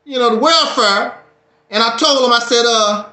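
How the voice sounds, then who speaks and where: A man's voice: very high-pitched, normal speed, sharp tone. A man giving a casual livestream monologue, preachy and joking with a dramatic streak. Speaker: YouTube streamer. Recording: echoey room.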